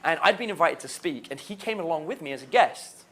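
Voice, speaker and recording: Male dating coach, higher voice, lively storyteller. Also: a little fast. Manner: animated, laughs while telling anecdotes. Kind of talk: storytelling to camera.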